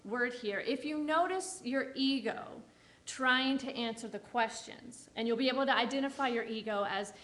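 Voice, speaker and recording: Woman, guest speaker; gentle, encouraging sermon delivery with a slightly raised pitch, guiding listeners into meditation. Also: moderate pace. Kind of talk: inspirational sermon leading a guided meditation. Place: church service.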